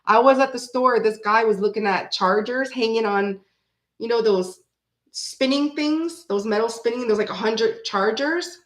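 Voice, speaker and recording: A woman's voice: on the high side, moderate pace. A woman in her forties, hosting a card reading stream and chatting casually with viewers, rambling through stories and laughing often. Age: 40s. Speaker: tarot reading host. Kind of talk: casual livestream chat with viewers. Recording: roomy echo.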